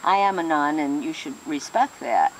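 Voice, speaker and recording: Gushy proper nun, lady putting her on, reproachful, pitch swoops up and down. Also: lively intonation, normal speed, slight background noise, rough recording. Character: proper nun, gushing and prim.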